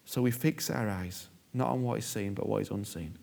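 A man's voice: on the low side, moderate pace, gravelly, a little mellow. A male preacher delivering a sermon, stressing points by repeating phrases and acting out prayers. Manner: emphatic, repeats key phrases and acts out prayers.

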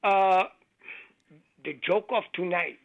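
Halting, high-voiced male caller, slow. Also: vocal fry, dull audio. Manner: halting, with many fillers and non-native grammar. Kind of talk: call-in joke telling.

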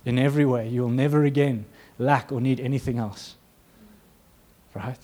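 A man preaching a sermon in a mid-pitched voice. He tells the story with animated energy and acts out the quotes. He laughs now and then. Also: moderate pace.

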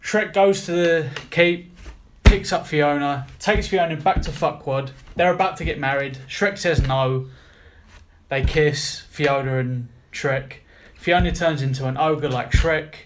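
A man's voice: on the high side, measured pace, noisy background. A young man, co-hosting a casual film podcast and recapping plots bluntly, with plenty of swearing. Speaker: podcast co-host. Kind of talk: casual chat.

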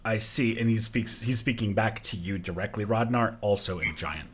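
A man narrating as game master of a tabletop game, relaxed and hesitant with many fillers. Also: fairly low pitch, normal speed, few pauses, husky.

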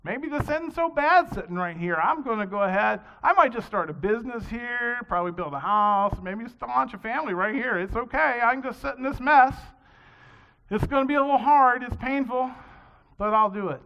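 A man's voice: very high-pitched, lively intonation, moderate pace, clean tone. A preacher acting out a desperate man clinging to a cliff branch, pleading and then bargaining, in a dull lo-fi recording. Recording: dull lo-fi sound.

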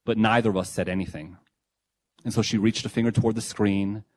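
Reflective low-voiced man reading a memoir. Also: steady tone. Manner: reflective, measured, quietly emotional. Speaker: narrator of his own memoir essay. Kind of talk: first-person memoir reading.

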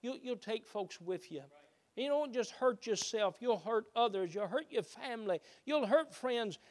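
A man preaching a sermon, shifting between loud emphatic peaks and hushed low passages. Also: expressive, normal speed. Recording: reverberant hall.

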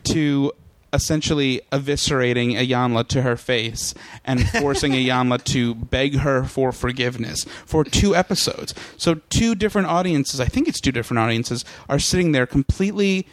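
A man's voice: medium pitch, normal speed, hardly any pauses, dry recording. A young adult man, a podcast guest, telling a comic story in casual chat, laughing often and breaking into mocking impressions.

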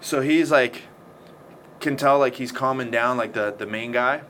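A man's voice: mid-range voice, a little slow, a bit bright. A man telling a story in casual chat, swearing often and acting out the scenes. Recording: faint background noise.

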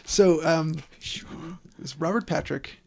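Gravelly, animated man chatting. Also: on the high side, slow pace. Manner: animated, playful, slips into silly put-on voices. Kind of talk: casual chat.

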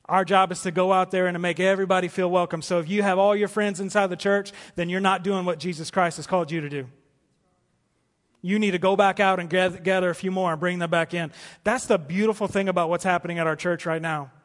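Male pastor, high register, passionate sermon delivery with soft asides; long hall reverb. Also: fairly even intonation, fast talker. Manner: impassioned preaching, rising to emphatic peaks and dropping to soft pleas. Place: church auditorium.

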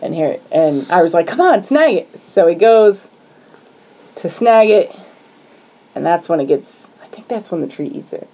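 A woman co-hosting a podcast, casually retelling a movie plot in a lively storytelling way and acting out lines from scenes. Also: lowish voice, moderate pace, long pauses, low-quality recording. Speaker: podcast co-host. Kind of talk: casual movie recap chat.

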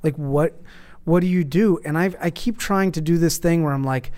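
A man's voice: a little high, moderate pace, darkish tone. A man in casual chat, telling a long story with many restarts and false starts.

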